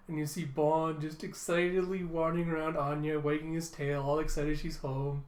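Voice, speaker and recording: Man, anime reviewer, casual recap, chuckling, fairly high voice, echoey room. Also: normal speed, few pauses. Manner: animated, chuckling retelling.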